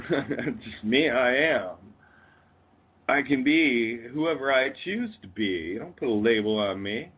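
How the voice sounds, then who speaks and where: A man's voice: mid-range voice, lively intonation, slow, husky. A man with a Canadian accent, a guest on a call-in radio show, ranting and swearing with bursts of laughter. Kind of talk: rambling profane rant. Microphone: phone or call line. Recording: tinny phone-line audio.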